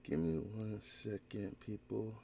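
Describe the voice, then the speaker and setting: A man's voice: lowish voice, fairly even intonation, slow, creaky, warm tone, a little hiss or hum. A man hosting a casual solo gaming podcast, rambling and emphatic, with many restarts.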